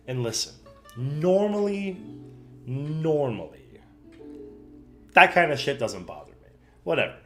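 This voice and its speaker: A young man streaming from home, casually telling a story and acting out the other people's voices with big pitch jumps. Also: a little slow, pauses often. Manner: animated, acts out quotes with pitch jumps. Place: home room. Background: soft background music.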